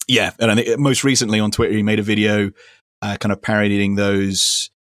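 A man with a lowish voice that stays fairly level, talking through recommendations in an unhurried, meandering way. He keeps restarting sentences and leaning on filler words. The sound is close and dry, with no room around it. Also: little pitch movement, a bit bright, dry recording. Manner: rambling, heavy on fillers and restarts. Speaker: podcast host. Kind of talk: casual recommendation chat.

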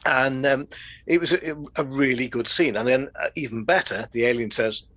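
A man's voice: mid-range voice, a little slow, a bit bright, no room sound. A man co-hosting a podcast, chatting casually about a TV episode in a rambling way. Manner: rambling, acts out quoted lines. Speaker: podcast co-host. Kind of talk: casual chat reviewing an episode.

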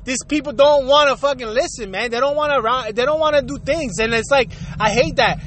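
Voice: high voice, a little fast, a bit bright, slight background noise. A podcast host delivering a heated, profane comedic rant in street slang, acting out both sides of the exchanges.

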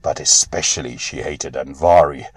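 A man reading old Norse myths aloud as a storybook narrator in a measured, expressive way. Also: a bass voice, slightly rough, dry recording.

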